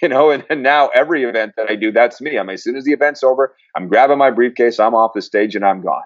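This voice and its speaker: A man's voice: mid-range voice, fast, dry recording. A man who works as a sober coach, talking casually as an interview guest and acting out the people he quotes. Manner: animated storyteller, acts out quotes. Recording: dry, slightly dull studio sound.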